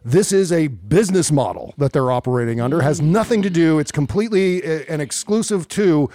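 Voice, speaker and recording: A man with a somewhat high voice hosts a casual political talk show, animated and quick to laugh. The sound is dry and close to the mic. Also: dry recording. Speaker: podcast host.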